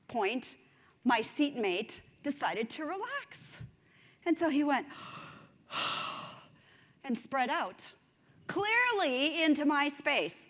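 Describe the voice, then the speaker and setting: A woman giving a conference speech, telling a story in an animated, self-mocking way. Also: sits high. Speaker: conference speaker. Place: large conference hall. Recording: long hall reverb.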